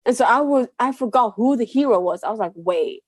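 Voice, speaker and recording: A woman's voice: a little high, quick pace, breathy edge, no room sound. Chatty woman podcast co-host, dry sound. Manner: chatty, frequent agreeing murmurs and laughs. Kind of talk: casual book review chat.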